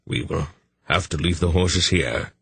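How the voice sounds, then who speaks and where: A man voicing a gruff, weary old sorcerer in an audiobook. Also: deep voice, steady tone, unhurried, dry recording, heavily acted. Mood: matter-of-fact. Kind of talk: audiobook character voice.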